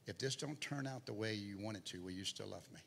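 Fast and on the low side, this middle-aged man's voice is creaky, a bit bright, and edged with breath. As a guest preacher giving a sermon testimony in a church sanctuary, he lets his voice swell and drop with the story. The recording has hall reverb and faint noise.

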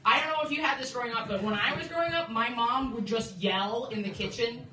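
A young woman doing a stand-up comedy set in a club, chatty and quick to laugh, often restarting her sentences. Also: fairly high pitch. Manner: chatty, self-interrupting, laughing between jokes. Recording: roomy, distant phone stream with background noise.

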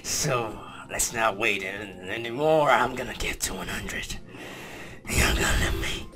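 A man from the Philippines doing gameplay commentary, excitable, talking to himself and his viewers and calling out answers as he plays. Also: on the low side, unhurried. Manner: excitable, talks to himself and the audience, counts answers aloud. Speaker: gaming YouTuber.

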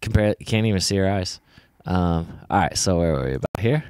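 A man's voice: low voice, animated, a little fast, a little mellow, clear, resonant tone, dry recording, studio quality. A man co-hosting a video reaction show, making easygoing, wry remarks. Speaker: co-host reacting to music videos. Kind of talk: casual reaction chat.

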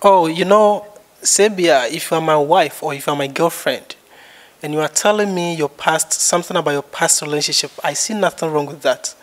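Rambling Ghanaian man, high voice. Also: normal speed. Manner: rambling, repetitive. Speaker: guest. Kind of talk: casual opinion chat.

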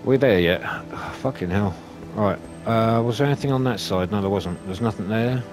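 A man commentating his own gameplay, swearing and shouting at enemies as he plays. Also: lowish voice, normal speed. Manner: sweary, excitable, talks to enemies. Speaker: gaming YouTuber. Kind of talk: let's play commentary. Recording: game music behind voice.

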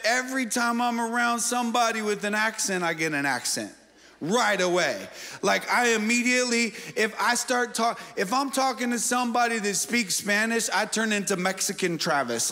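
A man's voice: extremely high pitch, sharp tone, slight background noise. A male pastor giving a sermon, joking and quizzing his congregation in a playful way. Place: large church auditorium. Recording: long church-hall reverb.

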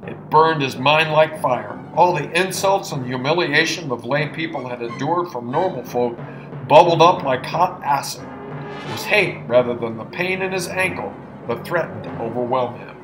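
A man reading an adventure novel aloud in an expressive, dramatic narration. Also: fairly high pitch, normal speed, over music. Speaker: audiobook narrator. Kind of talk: audiobook narration.

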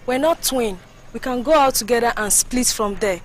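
A woman's voice: on the high side, normal speed, a little hiss or hum, close to an everyday voice. An actress with a Nigerian accent playing a tired young woman who answers curtly and brushes off a visitor. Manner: curt, dismissive.

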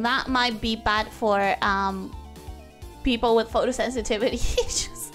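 A young woman streams while drawing, chatting casually at a normal speed in a slightly high voice. She rambles with animation and keeps cutting herself off mid-sentence, with soft music playing in the background.

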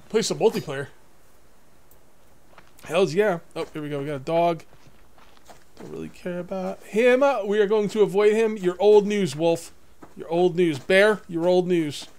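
A young man giving casual gameplay commentary to viewers, excitable, swinging from muttering to whooping. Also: on the high side. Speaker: let's play gamer.

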